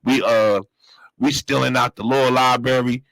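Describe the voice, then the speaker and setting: A man's voice: medium pitch, steady tone, measured pace, vocal fry, fairly bright tone, dry recording, rough recording. A man casually telling a personal story in slang, acting out other people's voices as he goes. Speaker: storyteller host.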